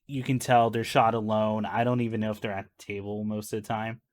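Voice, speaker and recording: A man's voice: fairly low pitch, little pitch movement, fairly quick. A man co-hosting a casual movie podcast, telling stories with laughter and swearing. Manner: laughing, profane storyteller. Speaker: podcast co-host. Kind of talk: casual movie-review chat.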